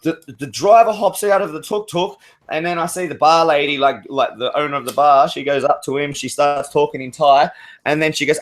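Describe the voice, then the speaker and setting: A man on an open-mic hangout call, talking in a loose, rambling way with plenty of swearing. His voice sits slightly high for a man, and he keeps his stories going without a pause. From Australia. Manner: rambling, profane storytelling. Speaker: caller. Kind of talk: casual open-mic chat.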